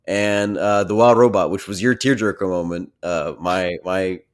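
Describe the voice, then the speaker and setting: A young man with a somewhat low voice co-hosts a relaxed movie chat. His humor is dry, and he chuckles at his own picks. He talks in an easygoing, conversational way. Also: normal speed, clean tone. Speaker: podcast co-host.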